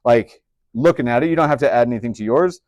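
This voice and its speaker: A man's voice: medium pitch, quick pace, darkish tone, no room sound. Chatty male math teacher, dry sound. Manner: chatty, upbeat, joking asides to students. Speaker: high school math teacher. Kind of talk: classroom lecture. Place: classroom.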